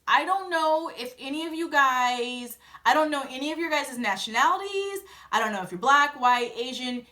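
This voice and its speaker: A woman's voice: high-pitched, sharp tone. A young woman vlogger giving a casual, blunt recap of a reality TV episode and acting out the scenes in quoted voices.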